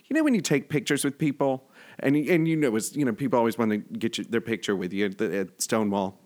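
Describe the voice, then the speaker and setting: A man hosting a show, telling a story in an excitable, chatty way full of fillers. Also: mid-range voice, fast talker. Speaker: host. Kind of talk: casual chat.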